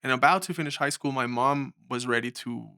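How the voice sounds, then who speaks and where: A young man from Mexico sits as a filmmaker guest, telling his story in an animated way and slipping into the voices of the people he quotes. His voice is bright and clear, and the recording is close and dry. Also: mid-range voice, fairly quick, no echo. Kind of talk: storytelling interview.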